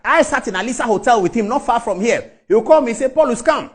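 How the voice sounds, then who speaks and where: A middle-aged man with a Ghanaian English accent gives fiery, scornful commentary. His voice sits very high and swoops up and down animatedly, and he repeats words to drive each point home. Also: lively intonation, fast talker, slightly rough. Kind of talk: impassioned commentary.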